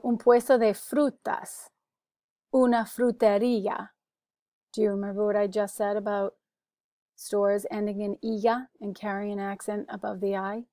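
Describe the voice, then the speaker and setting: An American woman talks through a vocabulary lesson at a slow, deliberate pace. She repeats each word carefully so learners can follow. The recording is close and dry, with no room sound. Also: mid-range voice, darkish tone, dry recording. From United States. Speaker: Spanish teacher.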